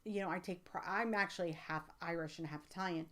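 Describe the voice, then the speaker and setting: An American woman hosting a live stream as a psychic reader, chatting casually with viewers, rambling with many fillers and turning emphatic when excited. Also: on the low side, quick pace. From United States. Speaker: livestream host and psychic reader. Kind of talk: casual livestream chat, answering viewer comments.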